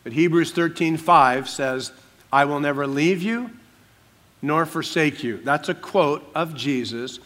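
A man delivers a sermon in a slightly high voice. He leans into drama, going quiet and intimate, then rising loud and slow on the key lines. The preaching moves between gentle asides and emphatic declarations. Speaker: pastor.

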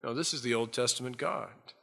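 Bright-voiced preacher in a reverberant hall. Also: male voice, medium pitch, brisk, gravelly. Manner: animated storytelling, acting out biblical scenes. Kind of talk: sermon.

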